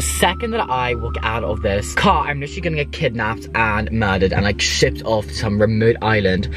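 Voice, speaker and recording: Young guy vlogging into a handheld cam, over-the-top and campy, cursing a lot, some faint music under it. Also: mid-range voice. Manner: dramatic, camp and self-mocking, swears often. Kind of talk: casual vlog chat.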